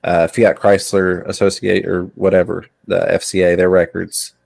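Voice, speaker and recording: A man's voice: low-pitched, level tone, normal speed, creaky, a little mellow, husky. A middle-aged man hosting a casual chat, easygoing and rambling, often restarting his sentences. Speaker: host.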